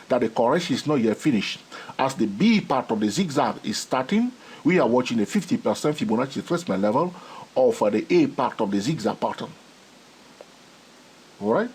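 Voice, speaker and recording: Animated husky man teaching trading. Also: medium pitch. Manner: repeats "all right?" and "okay?" constantly, laughs often; animated, gets excited about his subject. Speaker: trading educator. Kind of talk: excitable teaching monologue.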